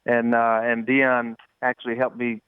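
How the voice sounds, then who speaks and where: A man in his forties calling in to an interview by phone, telling stories with lively energy and repeated starts. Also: medium pitch, measured pace, clean tone, no room sound. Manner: animated storyteller, repeats words. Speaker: guest calling in. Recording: tinny dry phone line.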